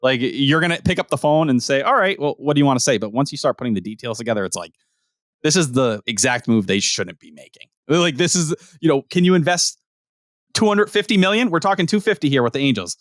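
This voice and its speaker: A man co-hosts a podcast in loose, swearing sports talk, firing off opinions at a steady middle pitch. His voice is close and dry, with no room sound around it. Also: no echo. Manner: animated, profane, rapid-fire opinions. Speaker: podcast co-host. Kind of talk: casual sports chat.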